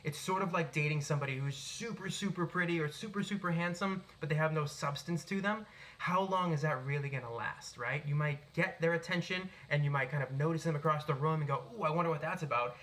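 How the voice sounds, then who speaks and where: Bright, projecting young man from Boston. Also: a little high, brisk. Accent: neutral American, Boston traces. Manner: projected, animated delivery. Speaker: self-help speaker. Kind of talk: unscripted tips video. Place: his apartment. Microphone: cell phone, no microphone.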